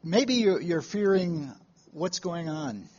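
Before a live congregation, a man preaches a sermon, telling folksy stories with halting restarts and questions to the room. His voice is a little high, expressive and darkish in tone, and the audio is dull.

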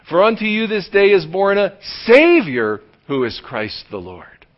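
A man preaching a sermon as pastor, swinging from loud emphatic lines to hushed near-whispers and drawing key words out slowly. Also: sits high, big pitch swings. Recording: dull lo-fi sound.

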